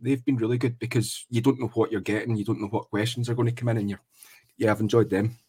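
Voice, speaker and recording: A Scottish man co-hosting a podcast, relaxed and reflective in casual chat. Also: on the low side, fast, slightly rough. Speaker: podcast co-host.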